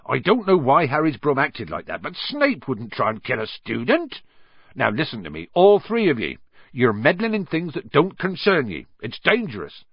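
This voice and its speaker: A man voicing a huge, gruff gamekeeper with blustering rustic speech, in a storybook reading with a dull, dry sound. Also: mid-range voice, wildly swooping pitch, normal speed, no room sound, heavily acted.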